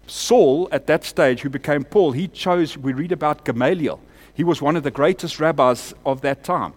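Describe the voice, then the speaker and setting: Preaching man, loud peaks, quiet appeals. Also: fairly high pitch, normal speed. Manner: rises to loud emphatic peaks, then drops to quiet, intimate appeals. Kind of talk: sermon.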